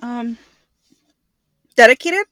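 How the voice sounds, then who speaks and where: A woman's voice: fairly high pitch, lively intonation, slow pace, a bit bright, dry recording. A woman co-hosting a podcast, casually quizzing her co-host on slang and teasing her with hints. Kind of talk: casual chat, slang guessing game.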